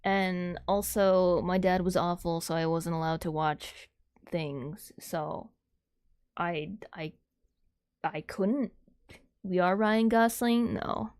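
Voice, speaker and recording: A woman's voice: fairly low pitch, slow pace, a little mellow, clear, resonant tone. A woman livestreaming, chatting casually with her viewers in a rambling, giggly way, laughing often.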